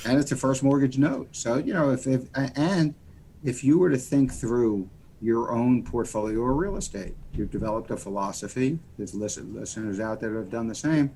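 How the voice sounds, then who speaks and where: He's a U.S. mortgage lender appearing on a podcast, and his loan explanations wander in a folksy way, peppered with "you know," in a casual interview. His mid-range voice has a darkish tone and a breathy edge, and he keeps a moderate pace.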